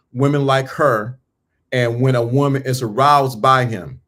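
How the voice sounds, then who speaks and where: A man giving a motivational talk about mindset and dating, in emphatic, repetitive, preaching style with casual slang and questions thrown at the listener. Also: mid-range voice. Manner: emphatic, repeats lines, asks the listener questions.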